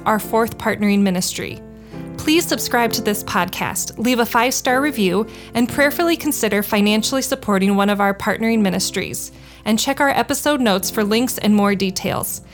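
A woman reading a scripted closing announcement for a podcast in a clear, steady way. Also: mid-range voice. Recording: over background music.

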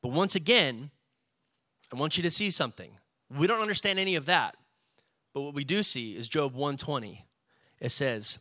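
Bright-voiced man preaching with fervor. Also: fairly high pitch, normal speed, long pauses. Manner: animated preaching, acts out quoted voices. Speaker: pastor. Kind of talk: sermon.

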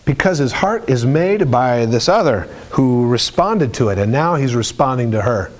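A man's voice: mid-range voice, lively intonation, normal speed. A man preaching a sermon with emphatic, repetitive phrasing.

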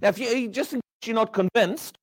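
A man preaching a sermon, asking the crowd rhetorical questions and dropping from loud emphasis to hushed words. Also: very high voice, fairly quick.

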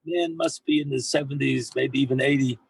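Gravelly husky rabbi telling a story. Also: male voice, medium pitch, a little fast, dry recording, poor audio. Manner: animated anecdotal telling, sprinkled with Hebrew and Yiddish terms; frequent repeats and restarts. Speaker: rabbi and yeshiva head. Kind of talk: storytelling talk to former students.

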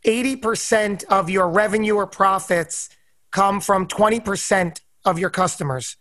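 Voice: mid-range voice, moderate pace, fairly bright tone. A podcast host asking a guest questions and summing up his points. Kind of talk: interview questions.

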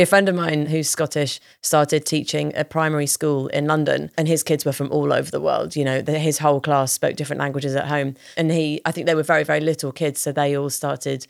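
A woman's voice: low-pitched, vocal fry, no room sound, studio quality. A woman co-hosting a podcast in casual chat, chatty and easily amused. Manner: chatty, warm-humoured, laughs easily. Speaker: podcast co-host.

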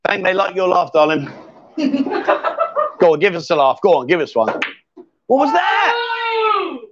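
A man with a high, bouncy voice hosts a casual live stream from a bar. He jokes, teases and reads viewer comments aloud. The audio is a little dull and lo-fi. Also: wildly swooping pitch, moderate pace, noisy background. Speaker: livestream host. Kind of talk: live stream chat while playing pool. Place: lively bar.

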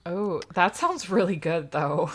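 A woman co-hosting a farm comedy podcast in casual chat, chatty and quick to laugh. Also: lowish voice, very animated. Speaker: podcast co-host.

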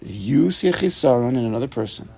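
A man teaching an informal Torah study class, animated, repeating himself and restarting sentences, mixing in Hebrew and Yiddish terms. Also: medium pitch, a little fast, gravelly. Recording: recorded in a study room for a tape.

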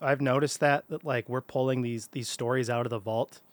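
A man's voice: mid-range voice, fairly even intonation, normal speed, dry recording. A man co-hosting a podcast, chatting casually and rambling with lots of fillers. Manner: rambling, laid-back, many fillers. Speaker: podcast co-host. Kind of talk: casual chat.

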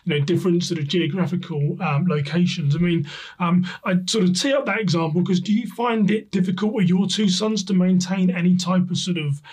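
A man hosting a casual podcast chat. His voice sits high and sounds a little husky. He rambles, hesitates and leans on fillers while he builds up to a question. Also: fairly quick, darkish tone. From England. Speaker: podcast host.

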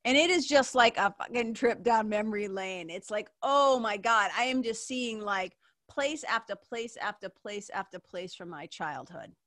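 A woman in her fifties from Massachusetts, rambles through a personal story on her podcast. Her voice is bright and forward. She leans on "like", swears freely and laughs, and the sound is dry and close. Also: mid-range voice, expressive, moderate pace, few pauses, dry recording. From Massachusetts, USA. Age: 50s. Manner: rambling, heavy "like" fillers, swears, laughs often. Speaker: podcast host.

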